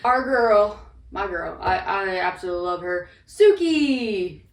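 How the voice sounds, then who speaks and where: A woman's voice: lowish voice, normal speed, vocal fry. A woman chatting casually as co-host while ranking characters, with lots of "like" fillers. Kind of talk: casual chat. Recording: echoey room, distant mic, faint noise.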